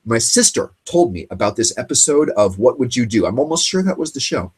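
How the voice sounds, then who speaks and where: A man's voice: mid-range voice, big pitch swings, a little mellow, breathy edge. A man hosting a late-night show, rambling through a casual monologue while choked up and tearful. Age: grew up in the 1980s. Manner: rambling, halting, with fillers and restarts.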